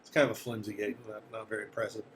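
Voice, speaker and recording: A man running a tabletop game as dungeon master, narrating haltingly with many filler sounds. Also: on the low side, flat delivery, a little hiss or hum. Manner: halting narration with many uhs, slipping into character voices.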